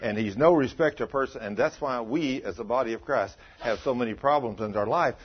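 A man preaching a sermon, telling a story with animated delivery and calling out questions to his congregation. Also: medium pitch, fairly quick, slightly rough, lo-fi sound. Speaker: pastor.

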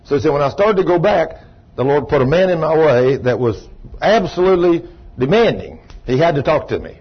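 A man preaching a sermon, telling a long rambling story in a folksy way and breaking into shouts of praise. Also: on the high side, lively intonation, a little fast, slightly rough. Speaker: pastor. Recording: muffled lo-fi recording.

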